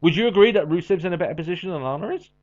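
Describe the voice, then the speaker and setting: A man with a somewhat high voice co-hosts a podcast in loose, casual chat. He talks in an animated way, drops in quick asides and laughs a lot. The audio is muffled and lo-fi. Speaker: podcast co-host. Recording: dull lo-fi audio.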